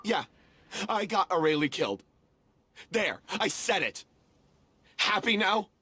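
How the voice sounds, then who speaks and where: A man's voice: high voice, very animated, slow pace, pushed and bright, slight background noise, heavily acted. An actor playing a remorseful young male troupe actor who blames himself, in game voice acting. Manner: remorseful, self-blaming.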